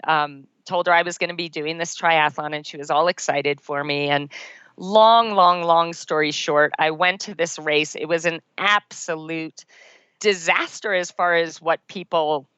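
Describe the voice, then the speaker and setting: A middle-aged woman with a low, smooth, resonant voice tells an earnest story from her own life as a podcast guest. She laughs at herself along the way. The recording is dry and a little dull, with a lo-fi edge. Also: moderate pace, a bit bright, no room sound. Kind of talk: personal storytelling in an interview.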